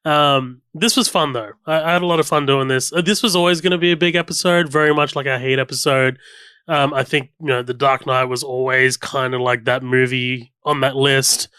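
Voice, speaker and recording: A man's voice: medium pitch, fairly even intonation, fairly quick, bright, forceful tone, clear, resonant tone, dry recording, studio quality. A man co-hosting a film podcast, rambling casually with many "like"s and restarts. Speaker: podcast co-host. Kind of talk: casual chat.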